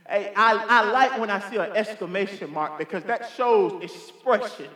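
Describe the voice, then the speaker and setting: A man preaching a sermon as pastor, impassioned and repetitive, swinging between loud declarations and hushed asides. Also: high-pitched, normal speed. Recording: echoey hall with long reverb.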